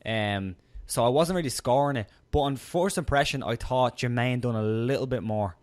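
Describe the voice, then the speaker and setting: A man with an Irish accent co-hosting a casual podcast, chiming in often with quick agreement. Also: medium pitch, darkish tone. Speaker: podcast co-host. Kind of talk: casual chat.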